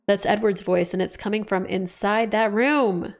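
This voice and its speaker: A woman's voice: mid-range voice, steady tone, normal speed, vocal fry. A woman streaming a horror game, chatty and joking, saying "F word" in place of swearing. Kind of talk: casual let's-play commentary.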